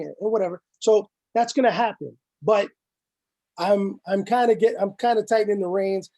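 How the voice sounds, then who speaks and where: A man's voice: high voice, moderate pace, warm tone. A man in casual chat, telling stories animatedly, acting out quotes and swearing freely. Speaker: podcast guest, room moderator.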